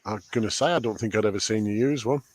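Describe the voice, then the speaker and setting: A man's voice: lowish voice, fast, a little mellow, breathy edge, no echo. A man co-hosting a live stream, reading out viewer comments and joking around. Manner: jokey, laughs often, reads comments aloud. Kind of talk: casual live-stream banter.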